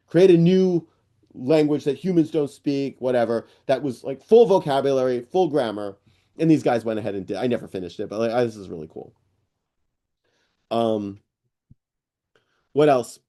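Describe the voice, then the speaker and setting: Middle-aged guy on a video call, dark mellow voice, rambles and gets all excited. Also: medium pitch, normal speed. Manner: rambling, excitable, many fillers and restarts. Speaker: host presenting AI news. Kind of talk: casual screen-share walkthrough on a live call.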